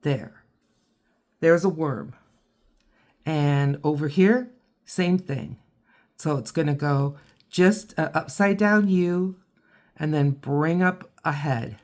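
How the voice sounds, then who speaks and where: Low-pitched lady doing an art tutorial, slow and chatty, kinda thinking out loud. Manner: chatty, thinking aloud while painting. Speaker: art teacher. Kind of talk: watercolor tutorial.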